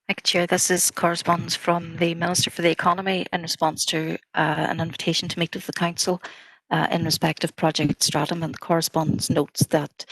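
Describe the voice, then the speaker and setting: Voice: mid-range voice, no echo, rough recording. A council officer formally summarising correspondence at a meeting. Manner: measured, formal, flat delivery.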